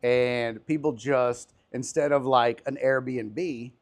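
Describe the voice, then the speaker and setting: A man's voice: mid-range voice, steady tone, takes it slowly. A young man hosting a podcast in a casual patio chat, laughing often and talking in a crude, conversational way. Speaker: podcast host. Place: outdoor patio.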